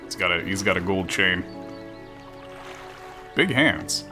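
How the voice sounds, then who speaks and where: A man's voice: deep voice, expressive, slow pace, pauses often, bright, forceful tone, soft background music. A man streaming a game, chatting casually with wry asides.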